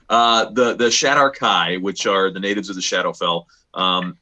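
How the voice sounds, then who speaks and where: A man's voice: lowish voice, unhurried, pushed and bright, low-quality recording. A man running an online tabletop game who rambles along with lots of fillers. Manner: rambling, many fillers, laughs easily. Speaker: game master.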